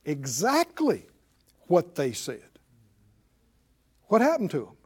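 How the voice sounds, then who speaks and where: A man's voice: on the high side, huge pitch swings, slow, pauses often, a little mellow, breathy edge. A man preaching a sermon, firing rhetorical questions at his congregation. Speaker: pastor.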